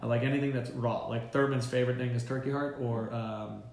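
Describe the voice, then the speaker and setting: A man, a dog trainer hosting a casual live Q&A, who talks in an animated, storytelling way full of fillers and restarts. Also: mid-range voice, fairly quick. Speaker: dog trainer and show host. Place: boarding kennel room. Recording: roomy kennel room.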